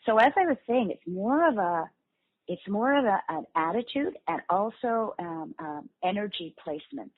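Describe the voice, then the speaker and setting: Lively voice actress on a tinny line. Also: female voice, mid-range voice, normal speed. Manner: animated, illustrates points with demo voices. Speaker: voice actress guest. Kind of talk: interview, explaining voice technique. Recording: phone-like lo-fi call audio.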